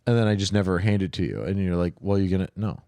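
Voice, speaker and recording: A young man co-hosting a podcast, rambling and cutting himself off, quick to laugh. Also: deep voice, dark tone, no room sound, studio quality. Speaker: podcast co-host. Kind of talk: casual podcast banter.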